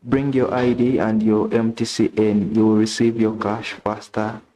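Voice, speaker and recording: A young man with a Ugandan English accent, chatting casually on a live stream, reading messages aloud and thinking out loud with restarts and questions. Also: lowish voice, level tone, moderate pace, slight background noise, low-quality recording.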